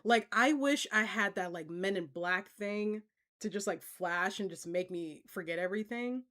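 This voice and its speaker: A woman's voice: medium pitch, normal speed, fairly bright tone. A woman streamer in a casual Q&A, chatting with her viewers, laughing often and using plenty of fillers. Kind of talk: casual Q&A reading chat comments.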